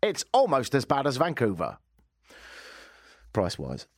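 A man's voice: mid-range voice, huge pitch swings, a little slow, a little hiss or hum. A man hosting a comedic talk radio show, wry and joking, at a studio microphone. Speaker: radio host.

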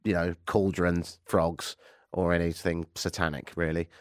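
A man's voice: low voice, little pitch movement, unhurried, dry recording, studio quality. A British man hosting a radio talk show, sniffly with a cold, bantering and joking at his own expense. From Britain. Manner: chatty, self-mocking banter.

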